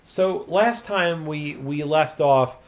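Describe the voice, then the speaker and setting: A man's voice: on the high side, slow pace. A drunk man retelling a story in a loose, rambling way, swearing freely and filling every gap with "like". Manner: loose, profane, full of "like" and restarts. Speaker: host retelling a video game plot.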